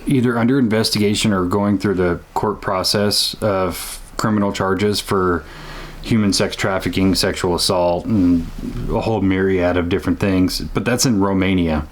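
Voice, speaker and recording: A man's voice: low-pitched, steady tone, moderate pace. A man hosting a casual podcast, blunt and profane, mocking as he talks. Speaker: podcast host.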